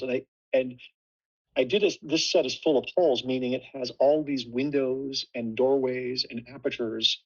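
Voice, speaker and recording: A man's voice: medium pitch, fairly even intonation, normal speed, breathy edge, muffled recording. A man speaking as a production designer in a casual panel talk, thoughtful and full of restarts.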